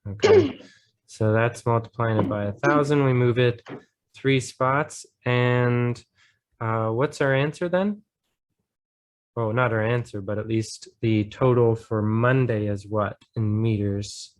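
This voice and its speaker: An American man tutors math at an unhurried, deliberate pace, his voice pitched in an ordinary middle range. He talks through each step patiently and encourages his student. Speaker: math teacher. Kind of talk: online tutoring lesson.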